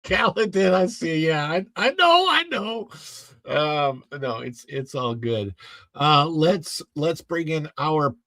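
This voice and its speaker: A playful man in his forties hosts a live chat show, his pitch bouncing up and down as he greets viewers. The sound is dry and close to the mic, with no room around it. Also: expressive, slow pace, fairly bright tone, no room sound. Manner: chatty, laughs often, playful. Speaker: livestream podcast host.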